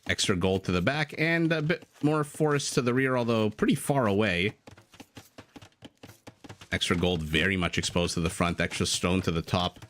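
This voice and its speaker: A man calls a live strategy game in a slightly low voice. He talks in a loose, jokey way and keeps breaking off to reply to his chat. Faint keyboard typing sits under his voice. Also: normal speed, fairly bright tone, a little hiss or hum. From Canada. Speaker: game caster. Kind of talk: live esports commentary, reading chat.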